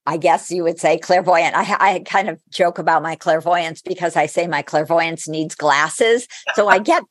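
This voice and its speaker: A middle-aged woman, a spiritual teacher and guest, telling stories in a casual interview, animated and laughing often. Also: on the low side, dry recording, studio quality.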